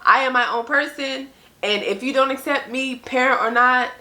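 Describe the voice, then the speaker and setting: A young woman speaks in a casual, earnest vlog monologue, her voice bright and forward. She leans on "like" and "you know" and slips into animated quotes of other people. The room around her gives the sound a noticeable echo. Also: high-pitched, moderate pace. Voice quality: conversational, frequent "like" and "you know". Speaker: vlogger.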